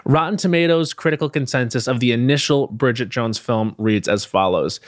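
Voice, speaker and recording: Man, podcast host, medium pitch, dry close mic, cheeky scripted intro. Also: normal speed, few pauses, no room sound. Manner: playful, gossipy, jokey asides.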